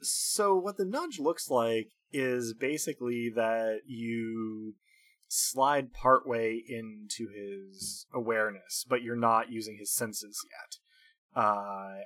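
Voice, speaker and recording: A man narrating as game master of a tabletop game, unhurried and full of fillers and laughter. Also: lowish voice, a bit bright, dry recording. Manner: unhurried, filler-heavy storytelling with frequent laughs.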